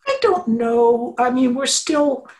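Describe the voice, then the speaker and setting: A woman's voice: sits high, takes it slowly, poor audio. Upbeat middle-aged woman explaining learning. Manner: animated explainer, acts out quotes. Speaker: engineering professor, interview guest. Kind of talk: conversational interview.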